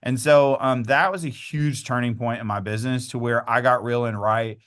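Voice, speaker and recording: A young man tells an animated story in a relaxed interview. His voice sounds smooth and clear, and he slips into the voices of the people he quotes and laughs as he talks. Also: medium pitch, moderate pace. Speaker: real estate agent and coach, podcast guest.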